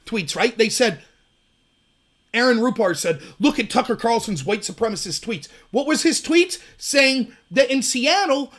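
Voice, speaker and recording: A man hosting a solo political commentary livestream, ranting emphatically and mocking opponents while reading out chat messages. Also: a bit bright. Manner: sarcastic, mocks opponents in high shrill voices; reads and answers live chat.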